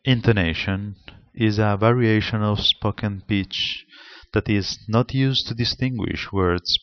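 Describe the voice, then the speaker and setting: Slow, measured Spanish-accented male lecturer. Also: fairly low pitch, smooth, no room sound. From Spain. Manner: slow, deliberate, explanatory delivery. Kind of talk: seminar lecture on pronunciation. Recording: slightly dull lo-fi sound.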